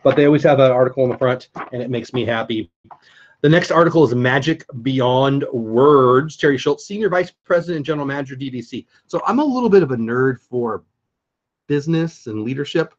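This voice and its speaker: Casting: enthusiastic male vlogger, mid pitch, chatty livestream host, slightly dull lo-fi audio. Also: animated, a little fast. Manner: chatty, enthusiastic, greets chat viewers by name. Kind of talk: casual livestream chat.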